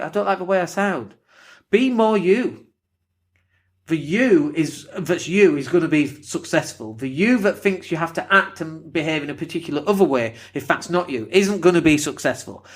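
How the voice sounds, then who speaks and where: A man with a northern English accent and a slight lisp, hosting a casual solo podcast, blunt and swearing freely. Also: sits high. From northern England. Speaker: podcast host.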